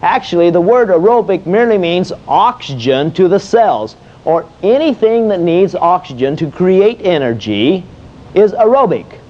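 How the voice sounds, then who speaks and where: Man, fitness instructor, high voice, folksy, jokey, self-answering questions, muffled lo-fi audio. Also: animated, normal speed, darkish tone. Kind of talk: exercise demonstration lecture. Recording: dull lo-fi old video sound.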